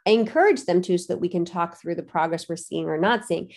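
A woman's voice: fairly low pitch, fairly quick, a little mellow. Earnest woman coaching with rhetorical questions. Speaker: fitness coach. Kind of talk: podcast-style coaching talk.

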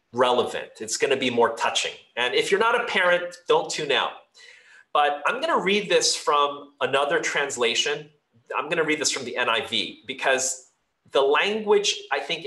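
Male pastor, sermon, conversational and earnest, slightly high, roomy church hall sound. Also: sharp tone. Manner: conversational, earnest, fillers and restarts. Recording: echoey room.

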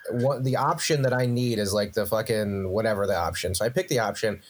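A man's voice: on the low side, fairly quick. A young man, a podcast co-host, telling a story in a casual comedic chat, swearing and ranting with rising energy.

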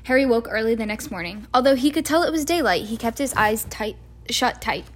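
Woman reader, higher voice, steady storybook narration. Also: brisk, a little hiss or hum. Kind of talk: amateur audiobook reading.

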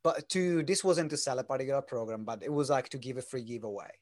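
A man's voice: medium pitch, quick pace, darkish tone. A man hosting a podcast, speaking hesitantly with many fillers. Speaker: podcast host. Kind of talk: podcast interview.

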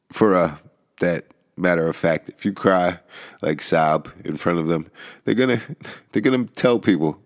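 A man hosting a casual solo podcast, rambling and swearing, laughing often and trailing off into mumbles. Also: sits low. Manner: rambling and profane, with frequent laughs and restarts. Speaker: podcast host.

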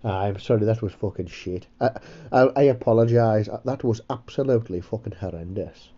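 A man's voice: on the low side, fairly quick, dark tone, highs cut off. A man hosting a comedy podcast, rambling, sweary and self-mocking. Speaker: podcast host. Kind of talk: casual comedy chat.

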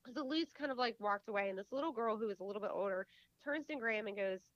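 Talking quickly in a highish voice, this thirty-something podcast co-host chats casually, her stories full of acted-out quotes. The lo-fi recording has no echo.

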